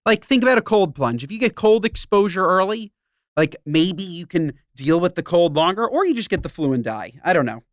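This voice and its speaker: A man co-hosting a podcast, talking bluntly and emphatically. His pitch moves in an animated way, and the recording is dry and close. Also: fairly quick, no echo. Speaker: podcast host. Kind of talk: casual chat.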